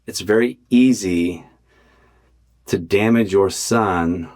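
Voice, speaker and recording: A man's voice: lowish voice, takes it slowly, a little mellow. Earnest man telling a personal story. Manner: earnest, many restarts and fillers. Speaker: podcast host and youth football coach. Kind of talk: casual conversational storytelling.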